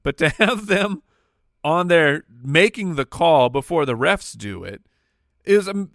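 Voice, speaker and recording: A man's voice: a little high, slow, gravelly, no echo, studio quality. A man co-hosting a fantasy football podcast, laughing and arguing his opinions. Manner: animated, laughing, opinionated rants. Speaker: podcast co-host. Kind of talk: casual sports chat.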